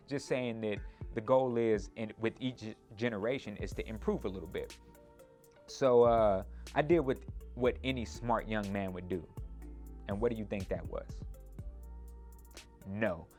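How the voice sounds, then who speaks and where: A man in his twenties with a fairly low voice recounts his own story with animated energy. He keeps checking in with the listener and rushes ahead whenever he acts out a scene, and a faint bed of music plays beneath him. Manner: animated, speeds up in retellings, tag questions. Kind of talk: personal storytelling.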